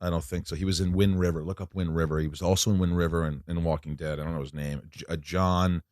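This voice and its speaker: A man's voice: deep voice, level tone, fast talker, a little mellow, dry recording. Man, casual storytelling, rambling, stammers, self-deprecating, dry close sound.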